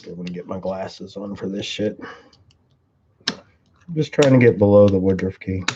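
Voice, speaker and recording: A man's voice: sits low, moderate pace, background noise. A man giving a casual, rambling workshop demonstration of his tools, joking and cursing as he works. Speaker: tool and engine video maker. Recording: muffled audio with clear clicking.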